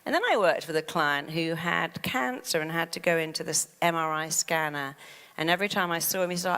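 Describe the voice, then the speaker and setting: A woman's voice: low voice, brisk, clean tone, big-room sound. A middle-aged woman giving a motivational talk, telling stories and acting out the voices in her head. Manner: animated storyteller who acts out inner voices. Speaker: therapist and motivational speaker.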